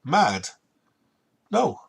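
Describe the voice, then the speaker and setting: A man with a Dutch accent hosting a stream, debating politics in a measured, deliberate way. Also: a little high, huge pitch swings, creaky, slightly rough. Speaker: stream host.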